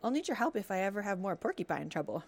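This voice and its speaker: A woman's voice: medium pitch, sing-song, quick pace. A woman doing an eager sly fox. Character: scrappy sly male fox, hungry and pushy.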